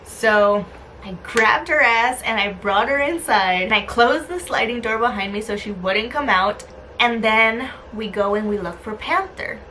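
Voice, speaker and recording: A young adult woman telling a story in a casual vlog, chatty and animated, with lots of "like" and "um". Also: fairly high pitch, a little slow, slight background noise, low-quality recording. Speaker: lifestyle vlogger.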